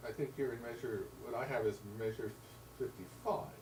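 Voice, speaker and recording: A man's voice: medium pitch, steady tone, normal speed, slight background noise. A man teaching a piano lesson, counting beats aloud and singing rhythms in syllables. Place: room with a piano. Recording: roomy sound, mic at a distance, loud piano. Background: piano playing.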